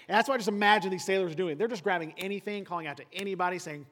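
A man with a slightly raised voice preaches in a loose, conversational way. He acts out characters in quick asides and climbs to loud, emphatic peaks. His voice rings with a long hall reverb, as in a church sanctuary. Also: sits high. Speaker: pastor. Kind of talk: sermon.

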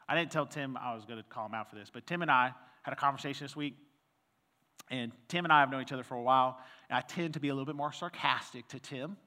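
A man's voice: medium pitch, lively intonation, quick pace, pushed and bright, long reverb tail. A male pastor giving a conversational sermon, telling a personal story with quoted dialogue and reading scripture aloud.

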